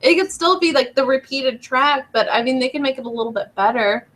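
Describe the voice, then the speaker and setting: High-pitched woman, podcast co-host, casual and opinionated. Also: fairly quick, fairly bright tone. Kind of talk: casual chat.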